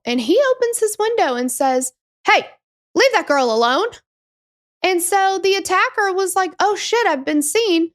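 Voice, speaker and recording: A woman in her thirties hosting a true crime podcast, telling the story in a chatty, digressive way, swearing and acting out quotes. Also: high voice. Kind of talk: casual storytelling chat.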